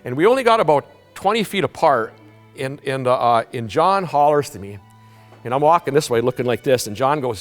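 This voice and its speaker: A man giving a conference talk, telling a story in an animated way, halting often with restarts and repeated words. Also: medium pitch. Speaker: conference presenter. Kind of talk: storytelling lecture. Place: conference hall. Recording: long hall reverb, faint music.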